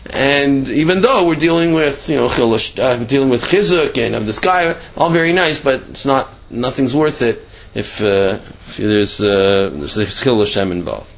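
A man, telling a Torah story in a loose, conversational lecture. His voice sits mid-range, and he leaps up high to act out the quotes, rushing through his asides. The recording sounds a little dull and lo-fi. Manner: animated, acts out quotes with jumps in pitch and quick asides. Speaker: Torah class speaker.

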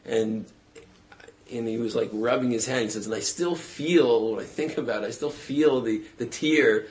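Man, mid-pitched storyteller; loose, conversational retelling with frequent restarts and fillers. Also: darkish tone. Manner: casual, halting, with many fillers and restarts.

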